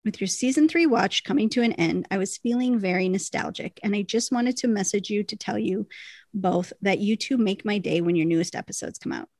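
A woman's voice: medium pitch, fairly quick, a little mellow, no room sound, studio quality. A British woman co-hosting a casual podcast, reading listener emails aloud and laughing often. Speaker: podcast co-host.

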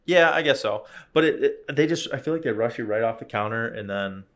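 A man's voice: medium pitch, brisk. A young man in casual chat, telling stories animatedly and acting out the people in them. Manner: animated storyteller, acts out beeps and quotes.

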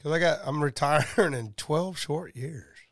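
A man's voice: on the high side, unhurried, a bit bright, dry recording. A man rambling crudely and joking as a podcast guest, drinking during a casual chat in a small home studio. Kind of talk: casual drunken banter.

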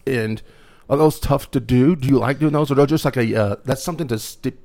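A man's voice: mid-range voice, brisk, warm tone. A man hosting a casual podcast, eagerly agreeing with his guest and using casual slang. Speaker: podcast host.

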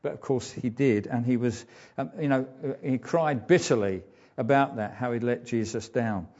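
A man preaching a sermon in a conversational, halting way, full of ums and uhs. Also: medium pitch, a little mellow, highs cut off. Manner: hesitant, frequent ums and uhs; conversational, informal asides.

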